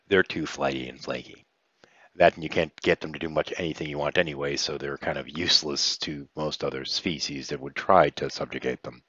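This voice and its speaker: A man with an extremely deep voice chatting casually about a tabletop world he built, dry and wry, swearing offhandedly. The audio is dull and close, with no room sound, as on a video call. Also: steady tone, a little fast, fairly bright tone, breathy edge, dry recording. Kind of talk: casual chat.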